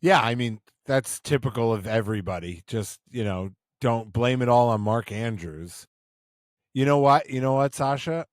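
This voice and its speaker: A man's voice: medium pitch, moderate pace, no echo. A man co-hosting a sports podcast, tossing out dry, teasing quips in casual chat. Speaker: podcast co-host.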